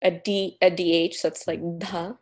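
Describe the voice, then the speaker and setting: A woman's voice: lowish voice, little pitch movement, a little fast. A woman guest in an interview, talking about her work with earnest, upbeat energy. She stumbles into fillers and restarts now and then. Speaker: author and journalist guest. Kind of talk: promotional interview talk.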